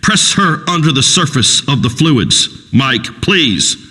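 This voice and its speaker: A man's voice: medium pitch, very animated, slow pace, sharp tone, breathy edge, long reverb tail, full character voice, poor audio. An actor playing a crude, macho rural male talk-radio host in a comedy game radio show, drawling and preachy. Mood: boastful.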